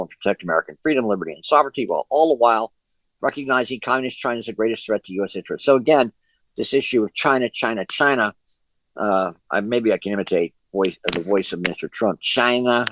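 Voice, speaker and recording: A man leading a group discussion on a video call, his voice on the low side. He talks in long, halting stretches full of fillers and restarted phrases. The sound is dry, with no room echo. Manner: hesitant, many fillers and restarts. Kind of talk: online discussion session.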